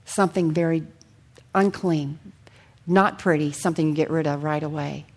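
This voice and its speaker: A woman preaching a sermon in a church hall, earnest and personal, sharing her testimony and sometimes dropping her voice to a hush. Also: low voice, steady tone, moderate pace. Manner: earnest, personal testimony with soft hushed passages.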